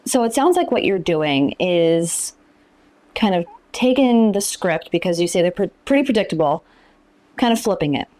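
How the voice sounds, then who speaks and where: A woman with a somewhat low voice interviews her guest. She asks short, direct questions and answers with brief affirmations. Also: animated, normal speed, a little mellow.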